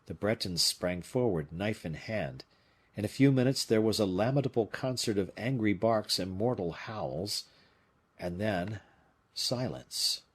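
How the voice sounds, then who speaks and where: A man narrating an adventure novel as an audiobook in an expressive storytelling manner. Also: fairly low pitch, a little slow, husky.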